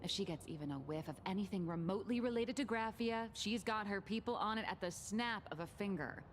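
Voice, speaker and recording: A woman's voice: medium pitch, brisk, a little hiss or hum, natural voice. An actress playing a sly, wry young woman in a game, telling gossip with a knowing tone. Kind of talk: game voice acting. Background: game music.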